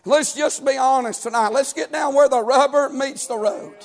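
In a gravelly voice that's very high for a man, this pastor delivers his sermon at normal speed. The sermon rolls out in a rhythmic chant, dotted with "amen" and "uh."

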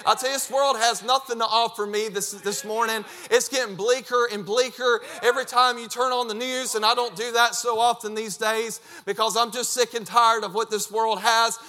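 A man preaching a fervent sermon, emphatic and repetitive, breaking into shouts. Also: very high voice, fairly even intonation, normal speed, few pauses.

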